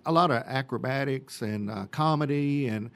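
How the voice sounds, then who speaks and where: A man, a church senior group leader chatting in a radio interview, folksy and rambling, with many fillers and throat clearing. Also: medium pitch, normal speed. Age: 50s.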